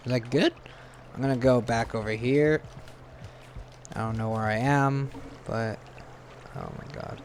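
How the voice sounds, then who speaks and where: A young man narrating his own gameplay in a casual, tense way, swearing often and breaking into jumpy outbursts. His voice sits at a middle pitch. A faint ambient hum runs under the recording. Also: fairly even intonation, unhurried, long pauses. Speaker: gaming channel host.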